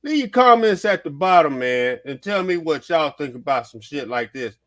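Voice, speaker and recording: A man hosts a reaction vlog in a loose, worked-up rant, circling back over his points and cursing freely. His voice sits a little high for a man. The talk is raw and unscripted, full of asides to his viewers. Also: normal speed. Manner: animated, repetitive, swearing, heated. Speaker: vlog host. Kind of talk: casual reaction commentary.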